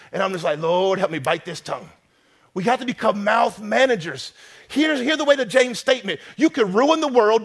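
Pastor guy preaching hard, fairly high voice, gets loud then drops quiet. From North America. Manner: emphatic preaching, swings from loud to hushed. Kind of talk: sermon.

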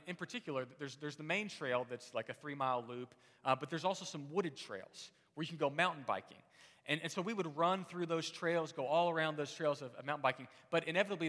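A man's voice: a little high, sharp tone. A man preaching a sermon as pastor, talking conversationally with frequent restarts. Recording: long hall reverb.

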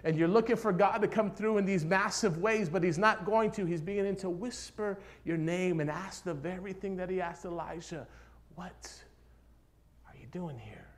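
A man preaching a sermon as pastor, moving between hushed, near-whispered passages and loud, rising exhortation, with repeated rhetorical questions. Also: high-pitched, steady tone, normal speed, few pauses.

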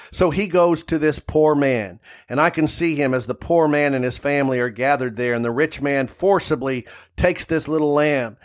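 A male pastor delivering a sermon at an average pitch. He speaks steadily, stops often with "uh," and reads scripture passages aloud in between his own explanations. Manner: unhurried preaching with many "uh" pauses, reading scripture aloud.

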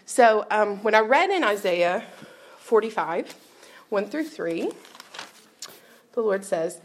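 A woman tells a personal faith story to a church crowd from the stage. Her voice has a gravelly, fry-laden edge, and she keeps it candid and chatty, often slipping into laughter. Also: medium pitch, sing-song, slow, long pauses. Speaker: speaker at a church gathering. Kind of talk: personal testimony talk.

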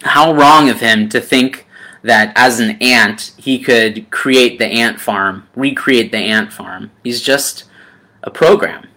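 A man preaching a sermon in a gentle, unhurried way, calling his listeners friend and pausing with ums. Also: mid-range voice. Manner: unhurried with frequent ums and pauses.

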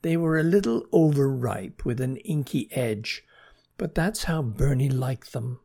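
A storyteller reading a children's animal story aloud with gentle, expressive narration. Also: mid-range voice, measured pace.

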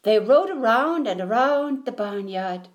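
A woman reading a picture book aloud in an expressive, sing-song storytelling manner. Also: a little high, unhurried, muffled recording. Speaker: storybook reader.

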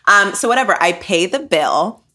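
A woman hosting a podcast, telling stories in a casual, animated monologue and swearing freely. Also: medium pitch, normal speed. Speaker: podcast host.

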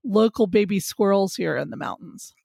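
Relaxed friendly woman from california, guest on a podcast, dry close sound. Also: medium pitch, moderate pace, gravelly, no room sound. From California, USA. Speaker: guest author. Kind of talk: interview answers.

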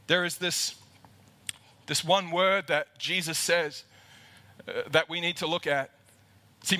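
A man with a high, pushed, bright voice livestreams a sermon as lead pastor, addressing a camera in an empty church auditorium. He speaks with passion and repeats words as his emphasis builds.

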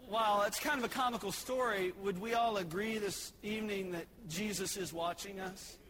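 A man preaching a sermon, swinging between loud exhortation and hushed earnestness. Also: sits high, steady tone, moderate pace, slight background noise, rough recording.

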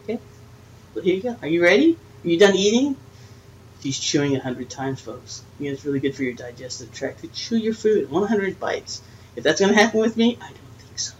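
A woman's voice: on the low side, sing-song, a little fast, muffled recording, a little hiss or hum. Chatty, teasing older woman. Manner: chatty, laughs often, teasing. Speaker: podcast host. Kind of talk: casual chat. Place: friend's house, dim room.

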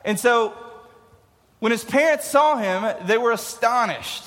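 High-voiced, jokey youth pastor in a hall. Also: male voice, lively intonation, moderate pace, fairly bright tone. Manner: jokey, laughs at his own jokes. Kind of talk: casual youth sermon. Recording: long hall reverb.

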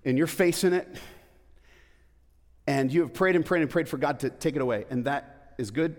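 A man with a fairly high voice preaches in a church, and his words ring out with a long hall echo. He keeps it conversational, tossing rhetorical questions to the congregation and slipping in playful asides. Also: normal speed. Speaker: pastor. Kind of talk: sermon.

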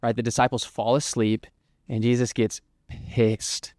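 Chatty young man with a smooth voice. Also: medium pitch, level tone, measured pace, darkish tone, no echo, clean studio sound. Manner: conversational, filler-heavy, lots of "like", acts out hypothetical quotes. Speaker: podcast host. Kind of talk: casual Christian teaching monologue.

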